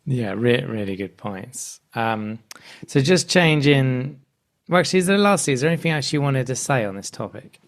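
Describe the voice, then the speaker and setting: A man hosting a podcast interview, relaxed and a little hesitant, with plenty of ums as he asks questions. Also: mid-range voice, moderate pace. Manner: relaxed, hesitant, many fillers. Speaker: podcast host.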